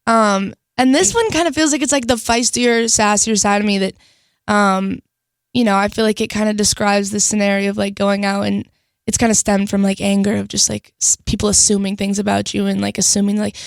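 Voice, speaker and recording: A woman's voice: mid-range voice, fairly even intonation, brisk, creaky, no room sound, studio quality. A young woman, a singer guest, chatting casually in a radio interview, bubbly and full of "like". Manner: bubbly, lots of "like" and laughter.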